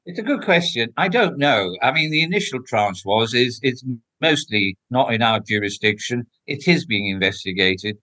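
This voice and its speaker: A man's voice: medium pitch, lively intonation, normal speed, pushed and bright. An older man, a former royal protection officer, answering interview questions in an emphatic, outspoken way with frequent restarts.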